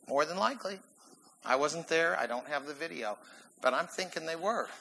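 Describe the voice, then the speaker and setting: Bright-voiced, high-pitched preaching man. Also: moderate pace, creaky, low-quality recording. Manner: animated, emphatic, laughs often while preaching. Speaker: pastor. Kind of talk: sermon.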